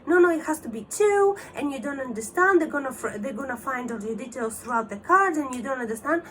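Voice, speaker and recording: A woman's voice: high-pitched, lively intonation, fast talker, fairly bright tone, a little hiss or hum. A woman quoting a pushy male phone scammer, insistent and falsely reassuring.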